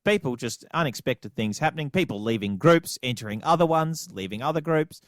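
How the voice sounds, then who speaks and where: A man's voice: mid-range voice, lively intonation, a little fast, no echo, clean studio sound. Playful Australian man podcasting. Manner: playful, mock-serious banter. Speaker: podcast co-host. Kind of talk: casual comedic podcast chat.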